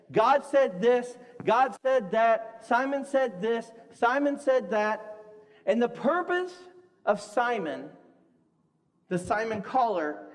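A man preaching a conversational sermon to a congregation, lively and acting out the voices he quotes. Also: extremely high pitch. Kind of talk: sermon with audience games. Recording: long hall reverb.

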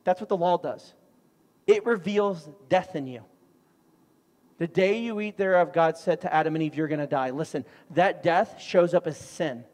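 A middle-aged man preaching a sermon, telling stories in an animated way with sudden loud outbursts. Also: on the high side, normal speed. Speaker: pastor. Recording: long hall reverb.

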